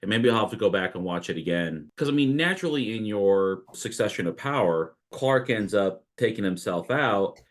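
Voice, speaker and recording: A man's voice: fairly low pitch, animated, normal speed, hardly any pauses. A man thinking aloud in a casual podcast discussion, musing with many fillers. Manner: thoughtful and musing, full of fillers. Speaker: podcast co-host.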